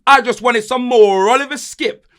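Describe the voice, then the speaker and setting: A man's voice: extremely high pitch, normal speed, fairly bright tone. A young man hosting a football podcast, boastful and mocking, full of slang. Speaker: podcast host. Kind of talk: animated football banter.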